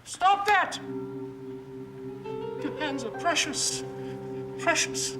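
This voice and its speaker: A man's voice: extremely high pitch, lively intonation, very slow, heavily acted. An actor playing a jolly, hyper male piano teacher who turns menacing, in a hammy TV performance. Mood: manic. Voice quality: theatrical, hammy. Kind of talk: TV episode clip. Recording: TV audio with loud music.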